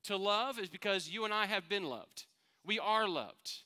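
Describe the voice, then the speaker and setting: A man in middle age preaches to his church, talking to them like a friend and asking them questions. His voice sits high for a man and rings bright. It comes through smooth and clean. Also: lively intonation, normal speed. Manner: earnest, conversational preaching with rhetorical questions. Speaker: pastor. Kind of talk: sermon.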